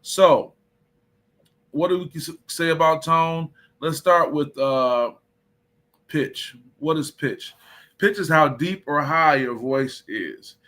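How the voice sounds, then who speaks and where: A man from Detroit hosting a livestream, giving a casual motivational talk on tone of voice in an animated way and reading out viewer comments. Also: fairly high pitch, slow. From Detroit, USA. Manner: animated, preacher-like, reads viewer comments aloud.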